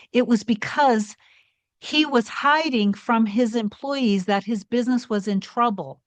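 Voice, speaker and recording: A woman's voice: on the high side, dry recording. A woman coach earnestly telling a personal story in a rambling, heartfelt way. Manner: earnest, rambling with restarts and acted quotes. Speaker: manifestation coach.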